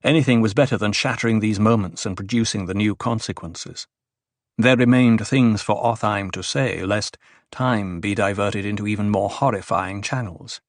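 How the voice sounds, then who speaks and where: A man narrating an audiobook in a measured, grave manner. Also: fairly low pitch, fairly even intonation, no room sound, clean studio sound. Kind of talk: scripted narration.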